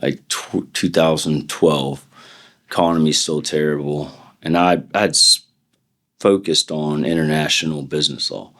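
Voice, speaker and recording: A very deep-voiced middle-aged man, a defense attorney, talks casually as an interview guest. He tells rambling stories and acts out quotes from the people in them. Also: steady tone, a little slow, a bit bright. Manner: rambling anecdotes with acted-out quotes.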